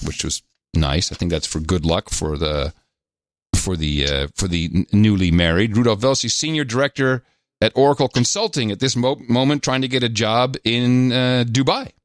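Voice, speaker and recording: A man hosting a podcast, reading out listener donations and notes in a casual, halting way with many filler pauses. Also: mid-range voice. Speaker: podcast host.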